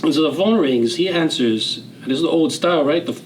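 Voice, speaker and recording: A man of around sixty with a Hawaiian Pidgin-tinged accent, telling his story as a guest in a relaxed, rambling way, with fillers and restarts. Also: fairly high pitch, brisk, slight background noise, rough recording. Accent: Hawaiian Pidgin-tinged English. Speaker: interview guest, retired general. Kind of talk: casual storytelling interview.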